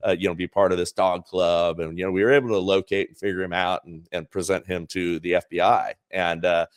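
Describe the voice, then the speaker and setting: A man with a fairly low voice talks in a loose, rambling way, full of fillers and restarts. He co-hosts a casual political chat show. The sound is dry and close. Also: little pitch movement, a little fast, no room sound. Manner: rambling, many fillers and restarts, acts out quoted people. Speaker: co-host.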